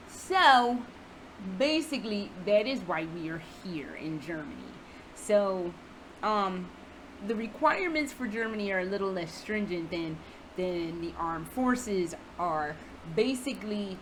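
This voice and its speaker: A woman's voice: fairly low pitch, slight background noise, poor audio. Profane, self-mocking young American woman. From United States. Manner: profane, self-deprecating, laughs often. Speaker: vlogger. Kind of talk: casual vlog monologue. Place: apartment indoors.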